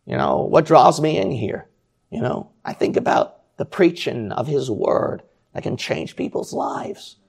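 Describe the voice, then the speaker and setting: A man's voice: fairly high pitch, lively intonation, unhurried, vocal fry, a little mellow, husky. A man preaching a sermon to his congregation, exhorting them with repeated rhetorical questions.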